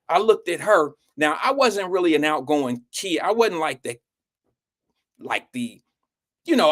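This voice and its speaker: A man hosting a live show, spinning an animated, profane story straight to his listeners. His voice sits a little higher than most men's. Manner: animated, swearing storyteller who speaks to the audience directly. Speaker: show host.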